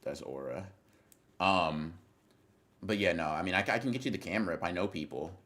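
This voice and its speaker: A man's voice: deep voice, moderate pace, a bit bright. A young man livestreaming, chatting casually with his viewers in a rambling, profane way that keeps interrupting itself as he reacts to chat.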